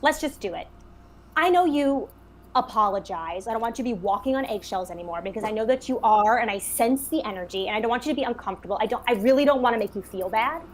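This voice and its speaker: A woman's voice: on the high side, expressive, quick pace, a little hiss or hum, close to an everyday voice. A woman playing a blunt confrontational businesswoman. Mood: earnest. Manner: blunt, accusing, talks over others. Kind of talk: comic improvised reenactment.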